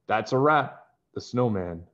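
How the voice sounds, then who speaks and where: A man voicing an eight-year-old girl detective who talks in a calm, sensible, encouraging way, in a storybook reading. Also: fairly low pitch, measured pace, highs cut off. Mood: steady.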